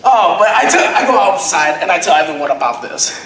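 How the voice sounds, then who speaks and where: A young man doing raunchy stand-up, rambling and cracking himself up. His voice is very high and bounces all over the place. He is recorded on a handheld mic in a very echoey room, with noise underneath. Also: very animated, a little fast, a bit bright. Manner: crude, rambling, laughing at his own jokes. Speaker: stand-up comedian at open mic. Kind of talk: stand-up comedy set. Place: convention panel room with live audience.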